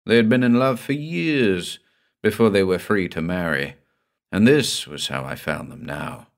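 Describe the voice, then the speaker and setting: Slow, low-voiced man narrating horror. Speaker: podcast host and narrator. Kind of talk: scripted horror story narration.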